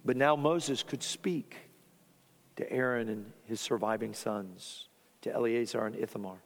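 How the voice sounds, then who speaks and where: A man preaching an expository sermon as pastor, teaching at a measured pace with his voice falling at the end of phrases. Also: medium pitch, long reverb tail.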